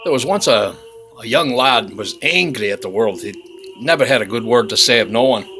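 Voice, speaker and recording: A man's voice: medium pitch, expressive, normal speed, sharp tone, faint music behind. A man telling a homespun story in a rambling, folksy way, leaning on "he says" as he goes. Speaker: storyteller in costume persona. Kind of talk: folksy spoken tale. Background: faint chanting.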